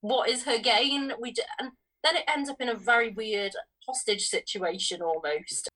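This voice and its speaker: A woman's voice: a little high, moderate pace, pushed and bright, poor audio. A woman co-hosting a film podcast, talking through the plot with an incredulous, questioning manner. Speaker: podcast co-host. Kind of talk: casual film review chat.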